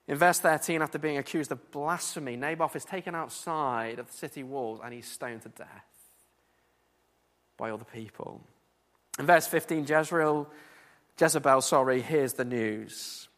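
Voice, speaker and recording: A man preaching a sermon, earnest and animated, often repeating words as he builds his point. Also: fairly high pitch, a little slow, pauses often, in a large hall.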